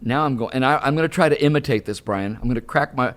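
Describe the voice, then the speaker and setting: A man's voice: medium pitch, fast, few pauses. An older man, a guest and professional speaker, telling a story in an interview and acting out the dialogue. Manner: animated storyteller, acts out dialogue.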